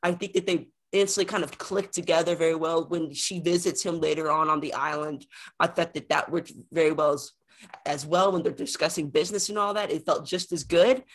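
A man's voice: on the high side, steady tone, fairly quick, a bit bright. Rambling male podcast co-host. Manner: rambling, repeats words while thinking. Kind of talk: casual film review chat.

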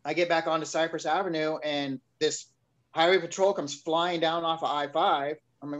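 A man's voice: fairly high pitch, fairly even intonation, a little fast, a bit bright. A man, a guest on an interview show candidly telling his recovery story and acting out his own past words.

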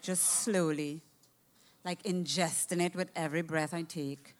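A woman telling a personal travel story in a casual, animated way, swearing freely. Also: fairly low pitch. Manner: animated, profane, acts out quoted voices.

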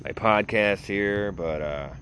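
A man's voice: lowish voice, takes it slowly, a bit bright, a little hiss or hum. A man hosting his own podcast, rambling casually, mocking himself and laughing at his own jokes, recorded on a phone. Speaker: podcast host.

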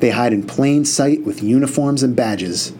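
A man's voice: medium pitch, a little slow, warm tone, a little hiss or hum, close to an everyday voice. A man doing a blunt young activist. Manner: blunt, preachy. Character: bold outspoken young male activist.

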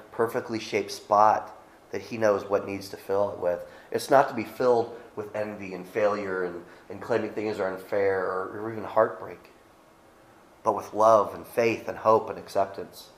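A man's voice: fairly low pitch, fairly even intonation, moderate pace, roomy sound, low-quality recording. A middle-aged male pastor giving a sermon, reading scripture aloud and speaking conversationally with frequent restarts.

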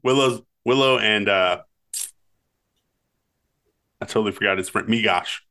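A man with a fairly low voice chats casually with his co-host. He rambles through scene recaps, trailing into laughter as he goes. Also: unhurried, pushed and bright. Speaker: podcast co-host. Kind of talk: casual chat recalling movie scenes.

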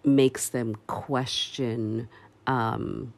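Man talking real slow, lots of ums and pauses, leans hard on key words. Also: medium pitch, fairly even intonation. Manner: slow and halting, with many pauses and fillers; firm and emphatic on key words. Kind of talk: earnest opinion commentary.

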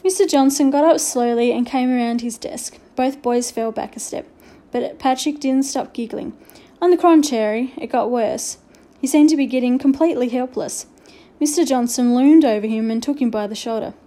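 A woman narrating a children's storybook aloud in a clear, expressive way. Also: high voice, normal speed, few pauses.

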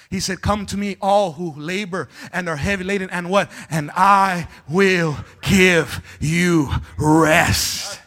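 A male pastor preaching in a church, calling on the congregation to shout back, dropping Spanish words into his talk, and swinging between loud shouting and hushed, low passages. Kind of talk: call-and-response preaching. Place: church sanctuary.

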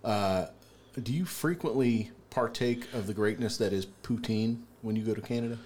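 A man hosting a casual studio podcast, chatty, stammering and quick to laugh. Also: on the low side, darkish tone, a little hiss or hum. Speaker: podcast host.

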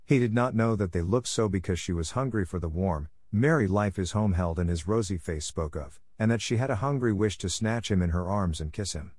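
Male audiobook narrator for a classic novel, low voice, dry close sound. Steady storytelling. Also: fairly quick, hardly any pauses, dry recording.

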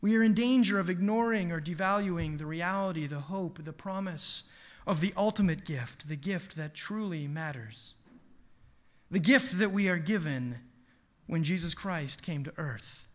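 A man, a father in his thirties, giving an earnest devotional talk, telling a family story with animated asides and quick restarts. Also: high-pitched. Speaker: preacher.

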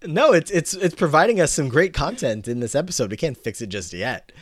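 A man's voice: a little high, lively intonation, brisk. Man casually recapping on a podcast. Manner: rambling, filler-heavy recap with quoted lines. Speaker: podcast co-host.

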